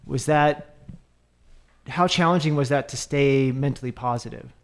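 A man's voice: mid-range voice, a little slow. Man hosting a casual interview. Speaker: podcast host.

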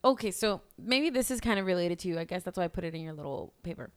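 A woman's voice: fairly low pitch, expressive, fast, clean tone. A young woman chatting on a podcast, mixing Spanish into English and swearing casually. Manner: laughs easily, swears, mixes Spanish into English. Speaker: podcast co-host. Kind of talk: casual chat.

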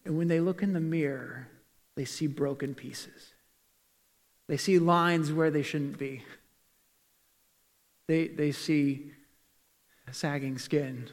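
A man's voice: fairly high pitch, fairly even intonation, slow, long pauses. A male pastor giving a sermon in a church, asking rhetorical questions and reading scripture aloud. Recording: long reverb of a large hall.

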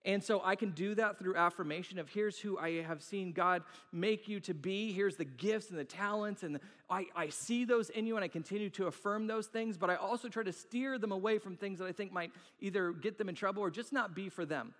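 A man's voice: sits high, fairly quick, hardly any pauses, a bit bright. A man in his thirties preaching a sermon in a church, telling playful, self-mocking stories and acting out quotes. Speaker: pastor. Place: church sanctuary. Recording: long hall reverb.

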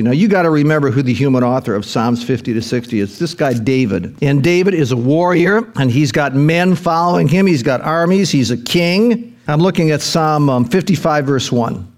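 A man's voice: on the high side, a little mellow. A male pastor delivering a sermon, reading scripture with folksy asides and bursts of rising emphasis.

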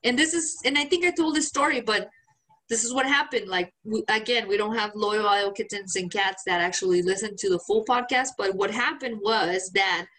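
Her voice is medium in pitch and a little fast. Co-hosting a podcast, the woman shares a story in casual, profane conversation, animated throughout and acting out others' words.

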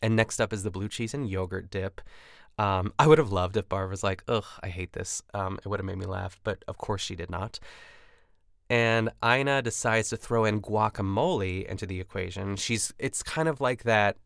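A man's voice: on the low side, moderate pace, creaky, fairly bright tone, clear, resonant tone, no room sound, clean studio sound. A man hosting a podcast, recapping a cooking show in rambling, chatty casual talk full of "like" and jokey asides. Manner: rambling and chatty, heavy use of "like"; jokey, laughs at his own asides. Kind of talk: casual chat.

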